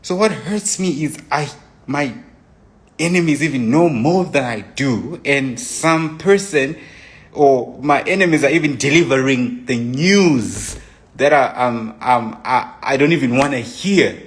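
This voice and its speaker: A man's voice: mid-range voice, unhurried. A young man speaking into his phone on a live stream, telling an emotional personal account in a rambling way, restarting and re-enacting his own texts. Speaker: livestreamer.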